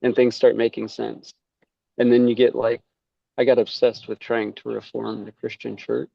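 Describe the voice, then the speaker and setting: A man's voice: mid-range voice, level tone, moderate pace, vocal fry, dry recording, muffled recording. A man talking casually as a podcast guest, rambling, with many fillers and quoted asides. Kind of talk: casual conversation.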